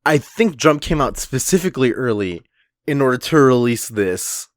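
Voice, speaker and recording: Man, podcast co-host, joking and laughing, animated pitch, dry close sound. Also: moderate pace, dry recording. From Swiss. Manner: jokey, laughs often, swears casually. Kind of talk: casual podcast banter.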